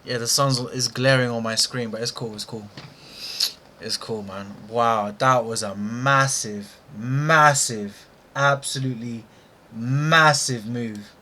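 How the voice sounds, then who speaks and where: A man's voice: mid-range voice, takes it slowly, sharp tone. A young British man talking through live trades with slangy, frustrated asides to himself. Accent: British English. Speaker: trading streamer. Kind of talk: live trading commentary.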